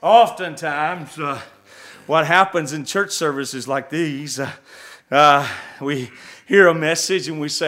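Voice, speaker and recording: A middle-aged man, preaching a sermon in a church, fervent and swelling to shouts, with folksy asides. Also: a little high, measured pace. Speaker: visiting preacher. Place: church sanctuary.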